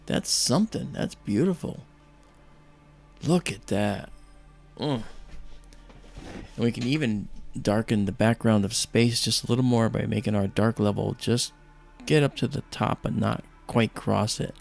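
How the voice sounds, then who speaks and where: A man's voice: on the low side, measured pace, vocal fry, pauses often, a little mellow, faint music behind. A man hosting a livestream, telling a story in a chatty, enthusiastic way with many fillers. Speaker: livestream host. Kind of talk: casual storytelling.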